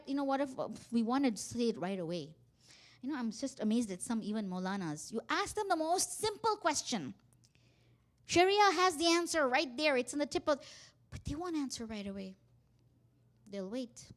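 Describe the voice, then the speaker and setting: A woman giving a workshop talk on family communication, animated and acting out quoted dialogue. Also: high-pitched. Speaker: workshop speaker. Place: community center hall.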